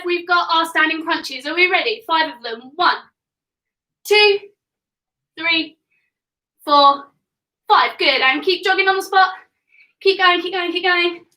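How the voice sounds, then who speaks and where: Bright-voiced woman coaching kids. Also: sits high, reverberant, far from the mic, low-quality recording. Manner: upbeat, encouraging, counting reps aloud. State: getting out of breath. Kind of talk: live home workout class for children. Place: home room.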